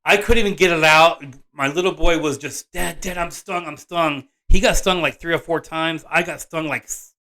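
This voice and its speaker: A man in a vlog tells a personal story in an excitable, rambling way. He keeps stumbling into restarts and self-corrections. His voice sits a little high and comes across bright and forceful. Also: a little fast, few pauses. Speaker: vlog host and father. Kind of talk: animated personal storytelling to camera.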